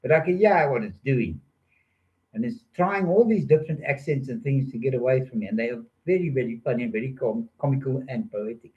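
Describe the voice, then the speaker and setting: A man's voice: medium pitch, brisk. Rambling, joking older man, lo-fi. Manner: playful, joking, digressive. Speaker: storyteller. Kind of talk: rambling monologue.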